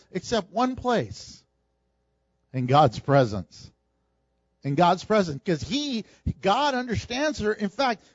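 A man preaching a sermon, animated and humorous, acting out the people in his story. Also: high voice, dry recording, muffled recording. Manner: animated preaching, acts out quoted voices with humor. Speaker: pastor.

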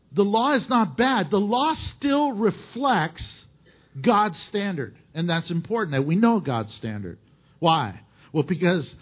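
A man's voice: on the high side, breathy edge, lo-fi sound. A man preaching a sermon, emphatic and full of rhetorical questions to the congregation. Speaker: pastor.

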